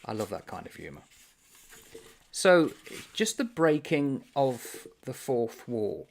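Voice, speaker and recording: A man's voice: medium pitch, sing-song, takes it slowly, gravelly. A man hosting a book channel, casually discussing a comic novel in a rambling, amused way and reading passages aloud.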